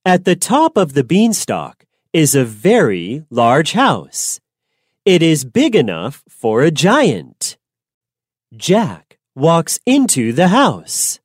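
A woman narrating a simple storybook in a clear, deliberate way for learners. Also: deep voice, huge pitch swings, dry recording, studio quality.

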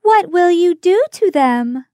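A woman voicing a sweet, timid young Cinderella in a storybook reading, speaking softly and earnestly. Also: very high voice, animated, slow pace, no room sound, clean studio sound, voice pushed up, full character voice.

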